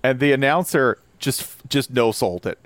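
A man co-hosting a podcast in casual chat, animated and jokey. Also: mid-range voice, normal speed, dry recording. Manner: animated, acts out comic voices. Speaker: podcast co-host.

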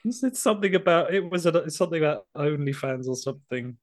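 A man's voice: on the high side, lively intonation, fast. A man co-hosting a podcast in casual, joking banter, often breaking off and restarting his sentences. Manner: chatty, banter-heavy, self-interrupting. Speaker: podcast co-host. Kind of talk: casual chat.

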